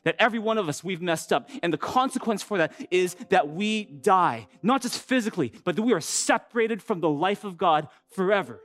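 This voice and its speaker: A male pastor delivering a sermon in a conversational, animated storytelling manner, full of rhetorical questions. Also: high-pitched, a little fast, few pauses. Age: adult with an older son.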